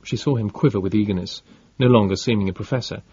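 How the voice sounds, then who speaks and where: A man reading an audiobook in a measured, dramatic narration. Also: fairly low pitch, darkish tone, lo-fi sound, slight background noise.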